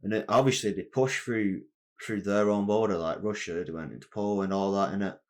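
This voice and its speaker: A man's voice: lowish voice, fairly quick. A young man co-hosting a podcast in casual chat, rambling and slangy, swearing freely. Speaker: podcast co-host.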